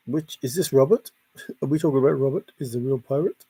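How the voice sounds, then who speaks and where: A man's voice: medium pitch, fairly quick, mellow, slightly rough, dry recording. A man hosting a casual livestream, reading chat and greeting viewers by name in a jokey, chatty way. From half Italian, half Scottish heritage.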